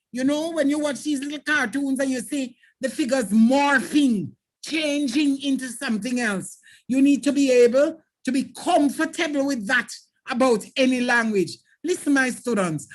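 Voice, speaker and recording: A woman from Jamaica with a Jamaican accent, teaching an exam preparation lesson and talking straight to her students in an emphatic, instructive way. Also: sits high.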